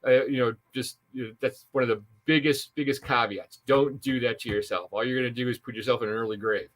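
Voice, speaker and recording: A man's voice: medium pitch, fast, few pauses, a bit bright. A man, a sales trainer on a podcast interview, giving punchy, emphatic advice with asides.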